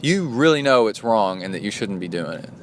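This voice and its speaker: A man's voice: on the low side, sing-song, brisk, slight background noise. Man, podcast host, coach, casual storytelling, indignant, rambling. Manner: rambling, indignant, many fillers and restarts.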